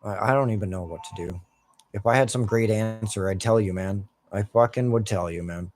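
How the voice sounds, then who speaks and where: This young Canadian gaming streamer swears nonstop while ranting casually and in frustration to his chat as he plays. His lowish voice is brisk and a little mellow.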